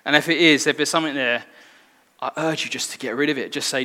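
A man's voice: a little high, fairly even intonation, fast, pushed and bright. A man preaching a sermon in an earnest, conversational way that draws in the congregation. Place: church hall. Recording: long reverb in a hall.

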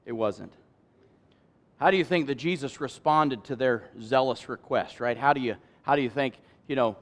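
A man preaching a sermon as pastor, joking with the congregation and swinging between loud emphasis and quiet asides. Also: mid-range voice, moderate pace.

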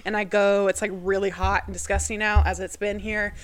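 A young woman co-hosting a podcast briskly tells a personal family story in a medium-pitched voice with little pitch movement. She rambles loosely with lots of fillers and acts out quotes in her relatives' voices.

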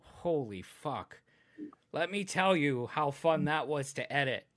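Bright-voiced rambling man. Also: on the high side, lively intonation, slow pace, no room sound. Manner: rambling, fillers, swears freely; close to the mic, sometimes trails off quietly. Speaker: podcast host and editor. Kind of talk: casual chat.

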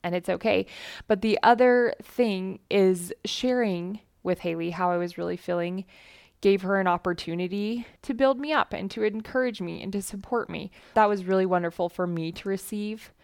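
A woman's voice: mid-range voice, moderate pace, a little mellow, smooth, dry recording, studio quality. A woman hosting a podcast, telling personal stories to listeners in an earnest, chatty way and voicing the people she quotes. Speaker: podcast host.

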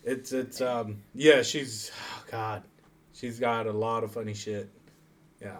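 A man in casual conversation who talks haltingly, restarts a lot and swears freely. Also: mid-range voice, steady tone, background noise. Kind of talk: casual chat.

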